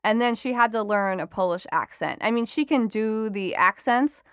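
A woman's voice: a little high, normal speed, fairly bright tone, clear, resonant tone, dry recording, clean studio sound. A woman reporter and author answering interview questions in a chatty way, laughing often, with many fillers.

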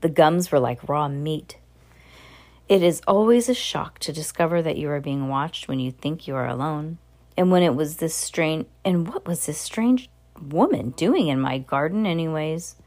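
A woman with a low, deep voice reading a children's novel aloud. She narrates earnestly, with small stumbles and restarts, as an amateur reader. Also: expressive, normal speed, a little mellow.

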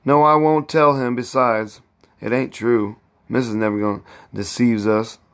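A man's voice: medium pitch, steady tone, measured pace, close to an everyday voice. A man reading aloud and voicing an anxious, devoted young wife and mother who pleads with her husband, his voice raised and strained. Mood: worried.

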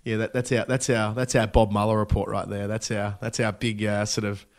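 A man's voice: lowish voice, level tone, brisk. A man, co-hosting a casual podcast chat, thoughtful and hesitant with many restarts. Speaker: podcast co-host.

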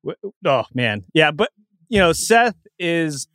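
Man, young adult, casual show host, rambling, somewhat high voice, dry close sound. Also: big pitch swings, slow pace, a bit bright, no echo. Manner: rambling with frequent restarts and chuckles. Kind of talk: casual wrestling talk chat.

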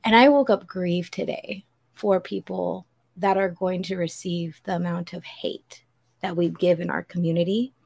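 A woman's voice: fairly low pitch, steady tone, normal speed, vocal fry, darkish tone, husky. A woman on a podcast making an earnest, preacherly appeal to listeners and quoting scripture. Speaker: podcast regular. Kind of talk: heartfelt spiritual appeal.

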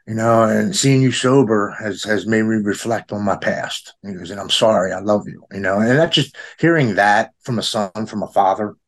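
Man, lower voice, casual storytelling, acts out quotes, forties. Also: moderate pace, hardly any pauses. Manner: storytelling, quotes others in a raised voice. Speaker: guest in recovery. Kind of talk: casual conversation.

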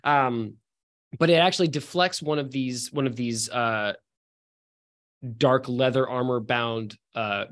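Man, game master, loose narration, lots of fillers, mid pitch. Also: a little slow, fairly bright tone.

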